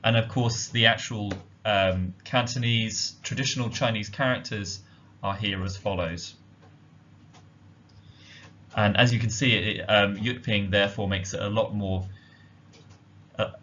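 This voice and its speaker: A man giving a slide-based language lesson, explaining slowly and carefully with frequent ums. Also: lowish voice, fairly bright tone, slight background noise. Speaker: language teacher. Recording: dull lo-fi audio.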